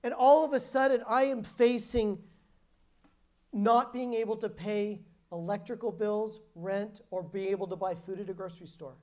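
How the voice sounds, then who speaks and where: A woman's voice: medium pitch, fairly even intonation, normal speed, a little mellow. Woman preacher, mid-range voice, emphatic storytelling sermon, frequent restarts. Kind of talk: sermon with personal testimony.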